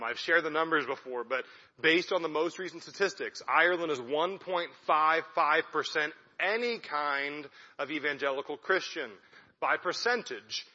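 A man's voice: a little high, bright, forceful tone, breathy edge. A young man, a missionary, giving a chatty, self-deprecating talk to a church congregation. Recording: echoey hall, dull lo-fi sound.

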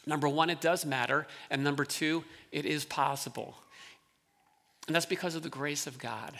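High, bright-voiced pastor in reverberant hall. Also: male voice, fairly even intonation, moderate pace, gravelly. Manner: conversational preaching with verbal restarts. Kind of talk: sermon.

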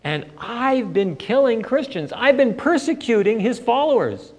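A man's voice: very high voice, big pitch swings, unhurried, pitched above the performer's own voice, heavily acted. A man voicing a persecutor suddenly realizing he was wrong, dismayed and urgent. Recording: long hall reverb.

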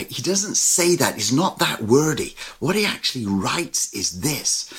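Man preaching, husky, animated storytelling delivery. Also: mid-range voice, measured pace, hardly any pauses. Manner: animated, lively storytelling with sudden loud and soft turns. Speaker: pastor. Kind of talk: sermon.

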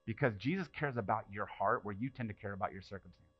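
Talking fast in a fairly low, husky voice, a pastor delivers a conversational sermon, challenging the congregation with rhetorical questions and swinging from loud outbursts to quiet asides. The sound is lo-fi.

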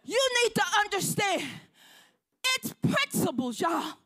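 A woman preaching a fervent sermon with call-and-response, often shouting to the congregation. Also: very high voice, big pitch swings, slow.

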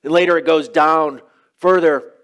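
A man's voice: fairly high pitch, steady tone, a little slow, fairly bright tone, clear, resonant tone. A man preaching a sermon as pastor, retelling a scripture story in a casual, conversational way with offhand asides.

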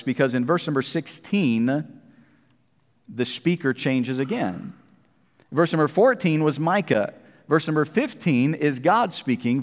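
A man's voice: mid-range voice, long reverb tail. A man preaching a sermon, chatting casually between emphatic scripture readings at a church service.

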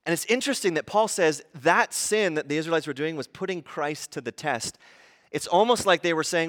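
A man in his thirties preaching a sermon, animated and acting out grumbling voices as he teaches. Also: a little high, fairly quick. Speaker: pastor.

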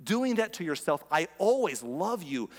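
God as a gentle father, tender and reassuring, put on by a man preaching. The voice is pitched a little higher than his usual speech. It carries the long reverb of a big hall. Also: big pitch swings, normal speed.

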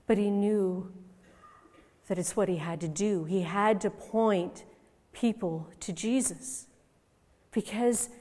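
Woman telling a story in a hall. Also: mid-range voice. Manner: expressive storytelling, swinging from hushed to loud. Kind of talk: first-person dramatic monologue as a biblical mother. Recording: long reverb in a large hall.

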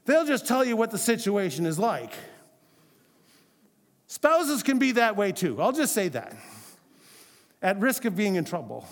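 Man, pastor, sermon, fairly high voice, conversational, asks the congregation questions, long hall reverb. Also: sing-song, unhurried, pauses often.

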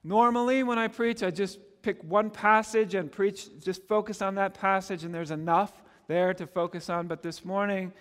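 A middle-aged man from Canada preaching a sermon as a pastor, talking in an earnest, conversational way with gentle humor. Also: high-pitched, fairly even intonation, moderate pace, hardly any pauses. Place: church sanctuary. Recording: long reverb of a church hall.

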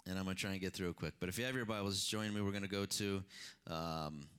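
A man's voice: fast, smooth. Impassioned man preaching a sermon. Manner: impassioned preaching with sudden rises and drops in pitch and loudness; repeats phrases for emphasis. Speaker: pastor.

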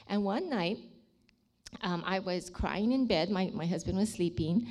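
A woman's voice: on the low side, measured pace, a little mellow. A woman sharing a personal faith testimony with emotion, sometimes dropping to a near-whisper at dramatic moments. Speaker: ministry leader sharing a testimony.

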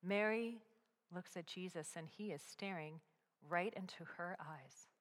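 A woman narrating a dramatic story, moving from hushed whispers to loud, urgent peaks. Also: fairly low pitch, a little slow. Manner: expressive, swings from hushed whispers to loud climaxes. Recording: long hall reverb.

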